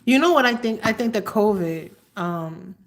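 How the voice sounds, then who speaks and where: A woman in her fifties hosting a live tarot stream, talking slowly and haltingly with many fillers, sometimes emotional. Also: mid-range voice, lively intonation. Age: 50s. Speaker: tarot reader hosting a livestream. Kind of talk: live-stream chat answering viewers.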